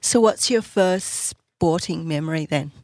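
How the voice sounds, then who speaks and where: A woman co-hosting a podcast, introducing the guest and asking about his past with warm interest. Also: low-pitched, a little slow, no echo, studio quality. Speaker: podcast co-host.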